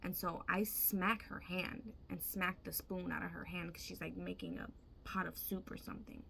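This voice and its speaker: A woman's voice: on the low side, flat delivery, moderate pace, creaky, a bit bright, slight background noise. A woman casually retelling a vivid dream, chatty and emphatic, swearing freely. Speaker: storyteller.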